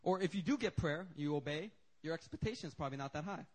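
A male pastor preaching a sermon, telling stories in an animated, joking way. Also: fairly high pitch, fast. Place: church service.

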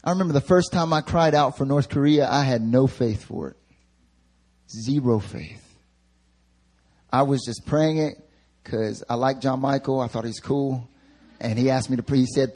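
A man's voice: mid-range voice, normal speed, pauses often, darkish tone. A young man preaching a sermon at a church service, moving between casual slang-filled storytelling and rising, emphatic preaching.

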